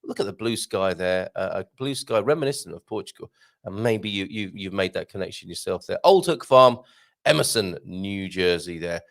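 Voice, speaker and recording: A man's voice: sits low, lively intonation, normal speed, creaky. A man hosting a live stream, chatting with viewers in a giggly, rambling way with plenty of ums. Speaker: host.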